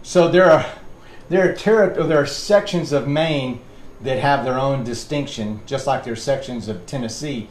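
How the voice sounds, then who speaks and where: A man's voice: medium pitch, normal speed. A middle-aged man, a fitness instructor rambling and counting reps as he leads a workout class. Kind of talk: leading a workout class with chat. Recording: echoey room with background noise.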